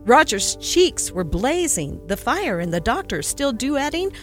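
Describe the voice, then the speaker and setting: Woman reading an old christmas story, higher voice, swoops up and down a lot. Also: a little slow, hardly any pauses, soft background music. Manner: lively, expressive reading. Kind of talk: scripted narration of a classic story.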